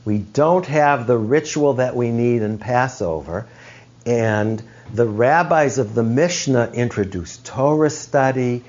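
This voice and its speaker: A man leads a study group, talking slowly and reflectively and pausing to find his words. The recording is dull and lo-fi. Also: mid-range voice, animated, darkish tone. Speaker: teacher leading a study group. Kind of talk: explanatory group teaching.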